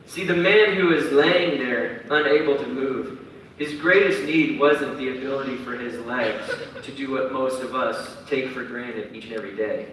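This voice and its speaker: A man in his thirties preaching a sermon as a pastor, telling stories in a lively, dramatic, conversational way. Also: mid-range voice, moderate pace, slight background noise. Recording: echoey hall from far off.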